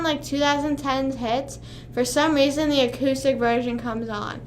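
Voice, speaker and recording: A woman's voice: sits high, a little slow, a little hiss or hum. A young woman hosting a casual livestream, rambling to her chat and swearing often. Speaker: livestream host.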